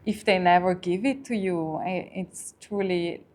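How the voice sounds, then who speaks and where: A woman who is a guest on a casual podcast, speaking haltingly and searching for her words. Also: on the low side, darkish tone.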